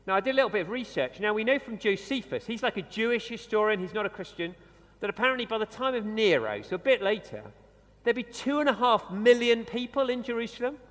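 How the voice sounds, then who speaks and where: A man delivers a sermon in a bright, high voice that swoops up and down with energy. He talks conversationally and slows to a hush on key words. The church around him adds a long, trailing reverb. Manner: conversational, animated, with dramatic pauses and slowed emphasis. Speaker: preacher.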